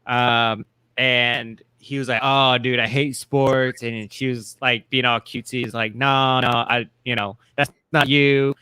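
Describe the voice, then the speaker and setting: A man's voice: medium pitch, level tone, unhurried, pushed and bright, clear, resonant tone, no echo. A man co-hosting a casual TV recap chat, rambling with many fillers and restarts. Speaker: co-host.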